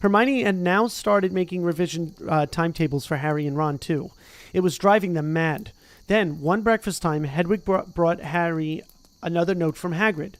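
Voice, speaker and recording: A streamer reading a novel aloud in a relaxed, casual way, stumbling over words now and then and breaking off to chat. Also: mid-range voice, normal speed. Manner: chatty, easily sidetracked, stumbles over words.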